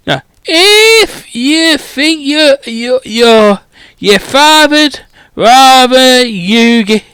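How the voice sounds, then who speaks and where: A man voicing a gruff, foul-mouthed groundskeeper who swears constantly and rambles bluntly. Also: very high-pitched, fairly bright tone, dry recording, voice pushed up, exaggerated voice. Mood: fierce.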